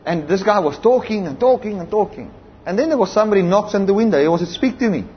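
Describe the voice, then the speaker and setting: A man's voice: high voice, lively intonation, quick pace. A man with a South African accent preaching a sermon, telling stories with emphasis and saying amen and hallelujah. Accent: South African English. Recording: slightly dull lo-fi recording with faint background noise.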